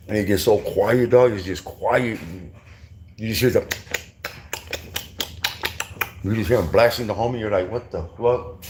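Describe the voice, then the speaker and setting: A former prisoner, middle-aged and from Southern California, casually swaps prison stories in profane street slang, often restarting. His voice is on the low side and a little mellow.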